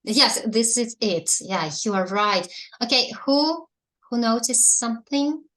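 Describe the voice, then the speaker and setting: Lady teaching english online, kinda high voice, keeps asking the class questions. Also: animated, unhurried, fairly bright tone. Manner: explaining patiently, asking students questions. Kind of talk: online language lesson. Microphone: video call.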